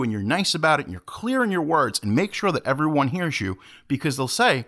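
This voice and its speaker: A man's voice: medium pitch, fast, few pauses. A man hosting a podcast, telling a rambling story in casual chat, acting out quotes and swearing now and then. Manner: animated, swearing, acts out quotes. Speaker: podcast host.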